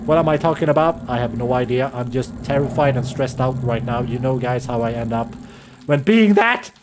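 A man's voice: medium pitch, animated, brisk, noisy background. A man commentating a horror game as he plays, nervous and jittery, swearing and laughing to himself and his viewers. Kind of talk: let's play commentary.

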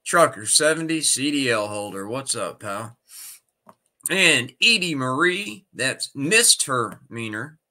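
Very bright-voiced sick male streamer. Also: mid-range voice, expressive, slow. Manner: greets viewers one by one by name. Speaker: livestream host. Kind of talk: casual livestream chat.

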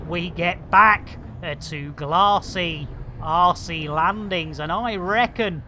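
A woman talks her way through a live game session in an unhurried, drawn-out manner, her voice bright and forward. She keeps up a jokey running patter of slang and small asides. A faint hum sits underneath. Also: lowish voice. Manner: chatty, jokey, full of playful slang and muttered asides. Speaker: game streamer. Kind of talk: live gameplay commentary.

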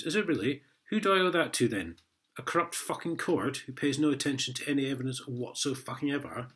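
Sweary, sarcastic Englishman with a bright voice. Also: medium pitch, fairly quick. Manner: reads a letter aloud and rants back at it. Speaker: vlogger. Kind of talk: angry ranting vlog.

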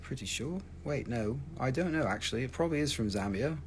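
A man's voice: mid-range voice, lively intonation, fairly quick, a little hiss or hum. Profane rambling man selling rocks live. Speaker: host selling rocks and minerals on a livestream. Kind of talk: casual live sales chat. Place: family-owned rock and mineral shop.

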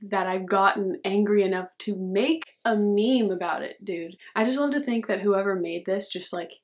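A woman's voice: medium pitch, normal speed. A young woman vlogging casually, reacting to memes with sarcastic, chatty commentary. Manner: sarcastic, says "dude" a lot. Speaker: YouTuber.

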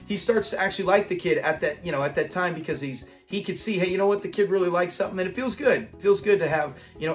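A young man hosts a casual episode breakdown, talking in a fairly high voice. He retells scenes with real enthusiasm and laughs along. Faint music sits underneath. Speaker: host of a classic TV episode breakdown channel.

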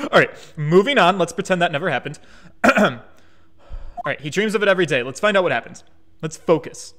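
A man's voice: fairly high pitch, expressive, brisk, fairly bright tone. A man streaming a game, joking around and reading the dialogue aloud in a rambling, casual way. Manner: jokey, rambling, reads game text aloud. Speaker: let's play streamer.

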